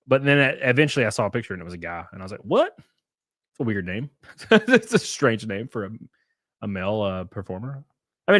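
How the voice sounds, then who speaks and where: A man's voice: medium pitch, no room sound, clean studio sound. A man chatting casually on a live stream, rambling and joking as he reads chat and reacts to clips. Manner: rambling, joking, lively asides.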